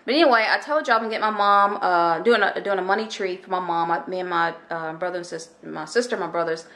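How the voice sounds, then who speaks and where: A woman's voice: lowish voice, quick pace, vocal fry, pushed and bright. A middle-aged woman, chatting animatedly and indignantly in a casual vlog from her home kitchen, recorded on a handheld camera. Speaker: vlogger.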